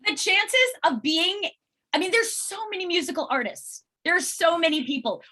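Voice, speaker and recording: A middle-aged actress chatting as an interview guest, telling stories in an animated way and acting out what people said. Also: female voice, very high voice, normal speed. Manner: animated storyteller acting out quoted exchanges. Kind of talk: casual interview chat.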